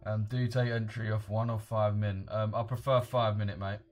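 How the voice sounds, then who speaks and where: Young man, low-ish voice; laddish live-stream chatter with viewers, heavy slang, faint music underneath. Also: flat delivery, brisk. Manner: slangy, laddish, addresses chat as boys and mate. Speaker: live-streaming forex trader.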